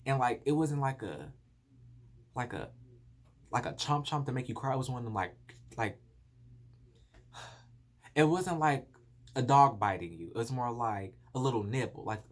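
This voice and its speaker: A vlogger with a medium-pitched, expressive voice tells a personal story to his phone camera at a normal speed, pausing often. He rambles casually, packs in "like" fillers, and acts out the voices of the people involved.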